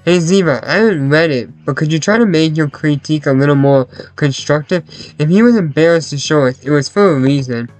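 A man voicing a kind, easygoing young classmate with a gentle, soothing manner. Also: on the high side, brisk, faint music behind, lightly acted, rough recording. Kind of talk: visual novel voice acting.

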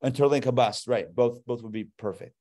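A man, a rabbi, giving a live class to an audience, explaining terms step by step and growing animated as he goes. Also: mid-range voice, brisk.

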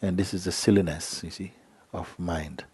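A man giving a spiritual talk, telling a story in an unhurried way with many hesitations. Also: low-pitched, fairly even intonation, warm tone, breathy edge. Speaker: spiritual teacher.

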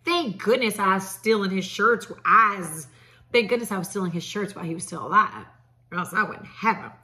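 A woman's voice: mid-range voice, lively intonation, moderate pace, sharp tone. A woman hosting a celebrity gossip segment, sassy and chatty, talking straight to her viewers. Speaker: entertainment news host.

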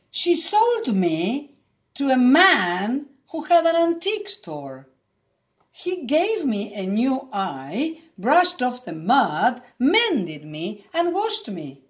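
A woman reading a children's storybook aloud in an expressive, dramatic way. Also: on the high side.

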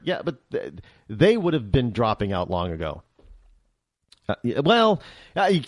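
A man hosting a political talk show, giving an animated opinion monologue and often repeating and restarting his words. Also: medium pitch, no room sound, clean studio sound.

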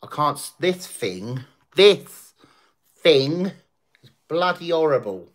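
In a casual stream, a male host talks to viewers, reads their comments and laughs a lot. His voice is on the high side and a bit bright, with big pitch swings at normal speed.

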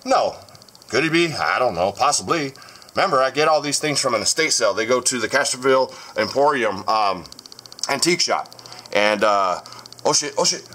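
A man's voice: mid-range voice, lively intonation, moderate pace, sharp tone. A man in his thirties filming a casual vlog inside his house on a handheld phone, talking bluntly, combatively and swearing constantly. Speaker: paranormal vlogger. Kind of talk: profane casual vlog rant.

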